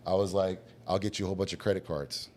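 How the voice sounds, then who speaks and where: Speaking quickly in a deep voice with a touch of hiss or hum, a guest business owner tells his business story in a blunt, casual way. He's animated and performs the dialogue of the people he quotes.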